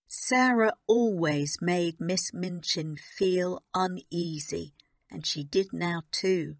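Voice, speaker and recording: A woman reads a graded story aloud at a very slow, careful pace. Her voice sits a little low and stays calm and even. The sound is dry and close. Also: creaky, dry recording. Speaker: audiobook narrator. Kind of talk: slow scripted story narration for English learners.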